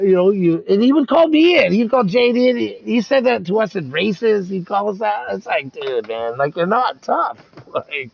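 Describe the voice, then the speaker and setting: Man, casual chat, lively swooping pitch, gravelly edge, dry close sound, profane storyteller. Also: moderate pace, dry recording, rough recording. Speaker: racing league member.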